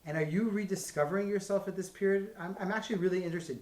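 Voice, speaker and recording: A male interviewer asks probing questions and often cuts in. His voice sits a little high, and the room around him is roomy and echoey. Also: very fast, darkish tone. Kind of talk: oral history interview.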